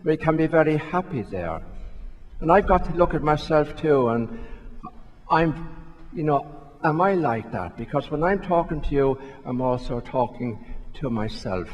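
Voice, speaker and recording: Priest in a reverberant church, unhurried. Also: male voice, fairly high pitch, lively intonation, muffled recording. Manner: conversational, self-questioning storytelling with repetitions. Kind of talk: sermon. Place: large church. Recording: long reverb of a church hall.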